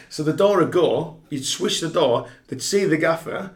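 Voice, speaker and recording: A man with a voice on the high side speaks a little slowly as a podcast guest, a former footballer recounting a lengthy dressing-room tale. The casual anecdote is full of swearing, and he laughs often as he tells it.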